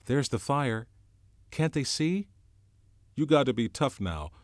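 A man voicing an anxious, fussy schoolboy with glasses, in a shrill, worried whine, in an audiobook reading. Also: very animated, slow pace, no room sound, clean studio sound. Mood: anxious urging. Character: anxious, fussy, bespectacled boy, careful and nagging.

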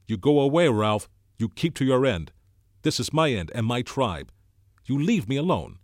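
A man reading aloud, voicing a hostile boy who leads a tribe, shouting defiantly. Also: medium pitch, very animated, moderate pace, no echo, clean studio sound, pitched above the performer's own voice. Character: boy leader, brash and hostile.

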